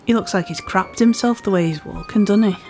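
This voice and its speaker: Woman, Scouse-Welsh accent, gaming host, chatty let's-play commentary, mid pitch, quiet game music behind. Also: brisk. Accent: part Scouse, part Welsh. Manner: chatty, self-deprecating, talking to herself while playing.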